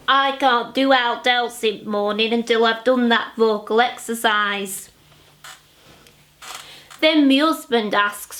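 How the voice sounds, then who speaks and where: A woman with a Northern English accent giving a deadpan comic monologue as a pompous politician who leans on catchphrases. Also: a little high, unhurried. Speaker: comic character playing a politician.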